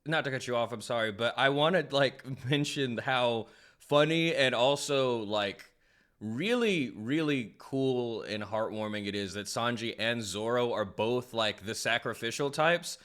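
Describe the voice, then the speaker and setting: A man hosting a casual podcast chat, enthusiastic and halting, with frequent restarts. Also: mid-range voice, a bit bright. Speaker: host.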